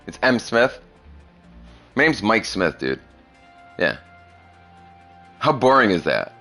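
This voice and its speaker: A young man with a low but bright, forceful voice that swings widely in pitch. He chats crudely and profanely, rambling and laughing, over faint background music. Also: sing-song, slow pace. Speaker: streamer chatting with a young viewer. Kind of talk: casual chat.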